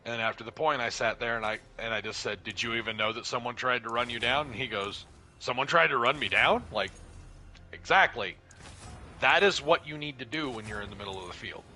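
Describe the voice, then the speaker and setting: A man telling a profane, animated paintball story in casual chat, acting out what people said. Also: mid-range voice, brisk, faint music behind. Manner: profane, animated, acts out dialogue.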